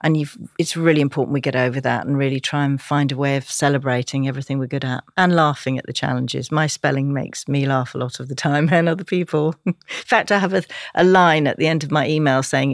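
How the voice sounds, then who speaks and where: Passionate woman with a gravelly edge. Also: rumbling low, fairly even intonation, a little fast, no room sound, clean studio sound. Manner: passionate, emotional at times. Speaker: guest. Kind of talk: podcast interview.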